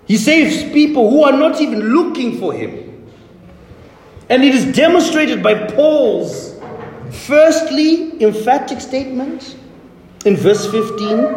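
A man's voice: sits high, darkish tone, slight background noise. A man preaching a sermon as pastor, with emphatic, repetitive declarations. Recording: echoey hall, faint ambience.

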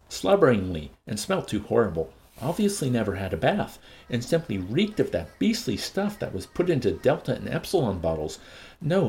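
A man hosting a show and reading a novel aloud in an expressive, varied voice. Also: medium pitch.

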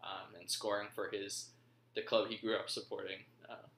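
A man's voice: on the low side, little pitch movement, normal speed, a bit bright, a little hiss or hum. A man hosting a casual football recap, rambling with frequent ums. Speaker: podcast host. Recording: roomy echo.

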